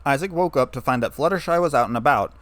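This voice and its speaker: Brief: male narrator, mid pitch, steady storyteller, dry close recording. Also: fast, no room sound. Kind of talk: fan fiction reading.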